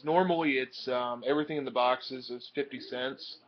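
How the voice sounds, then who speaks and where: In a dull, lo-fi home recording, a young comic collector shows off his purchases, rambling casually through the new comics with plenty of ums and uhs. He speaks in a steady, mid-range voice at a moderate pace.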